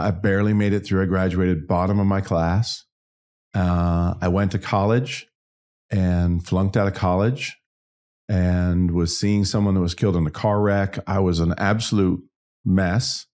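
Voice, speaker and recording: A man's voice: low-pitched, fairly even intonation, unhurried, a little mellow. A man in his fifties, an interview guest, telling a personal story in a frank, self-deprecating way. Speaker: interview guest, singer-songwriter and business owner.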